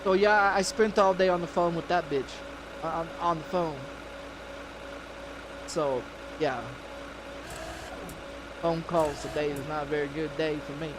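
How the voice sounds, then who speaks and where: A man's voice: on the high side, normal speed, pauses often, background noise. A man from Texas, a game streamer, telling an angry story in profane, cursing casual talk.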